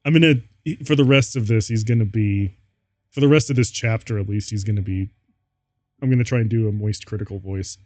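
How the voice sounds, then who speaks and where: A man's voice: fairly low pitch, fairly quick, mellow, no room sound. A male streamer reading fan fiction aloud, amused and laughing often.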